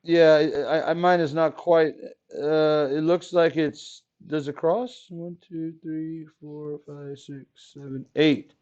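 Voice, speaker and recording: A man teaching math to a classroom, his voice a little high for a man. He talks casually, cracks small jokes and keeps asking the class questions. The recording is dull and lo-fi, as if taken from the back of the room. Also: fairly even intonation, slow pace, a little mellow. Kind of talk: classroom lesson.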